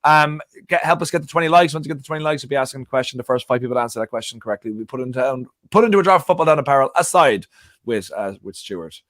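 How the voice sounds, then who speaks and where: A man's voice: mid-range voice, animated, very fast, a bit bright, no echo, clean studio sound. A man co-hosting a casual football fan panel over a video call, joking and reading out viewer comments. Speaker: panel show co-host.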